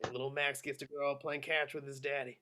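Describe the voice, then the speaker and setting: A man's voice: medium pitch, flat delivery, fast, bright, forceful tone, slight background noise, close to an everyday voice. A man doing a brash drawling American officer. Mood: coaxing. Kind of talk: amateur script reading.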